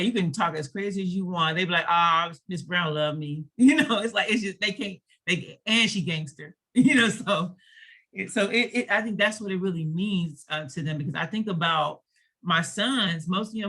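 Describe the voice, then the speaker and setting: A woman's voice: fairly low pitch, a bit bright. A woman educator speaking on a panel in a conversational way, with frequent fillers and laughs between her thoughts. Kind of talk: panel discussion.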